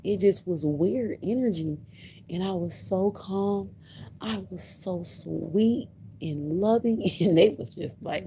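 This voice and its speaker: Slow-talking woman telling a story. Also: medium pitch, dark tone, a little hiss or hum. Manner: emphatic, repeats herself, laughs between lines. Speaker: livestreamer. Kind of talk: casual livestream storytelling.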